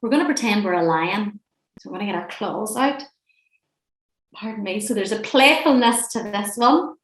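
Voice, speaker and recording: A woman leading a laughter and breathing class, gentle, playful and encouraging, speaking from a room on a video call. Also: medium pitch, normal speed. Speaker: laughter and relaxation session leader. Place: indoor room at home, seated near a screen. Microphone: webcam or laptop mic on a video call. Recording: roomy echoey room sound.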